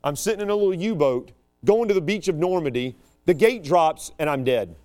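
American guy rambling to a room, higher voice, pitch swinging all over, keeps going off topic. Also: a little fast, clear, resonant tone, faint music behind. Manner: animated and digressive, with sudden jumps up and down in pitch. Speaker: speaker addressing a group. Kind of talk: rambling talk to an audience.

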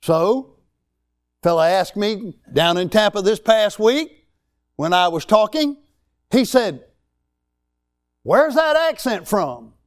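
A man's voice: sits high, slow, long pauses, smooth. A man, preaching a sermon in a folksy, emphatic way with rising exclamations. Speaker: pastor.

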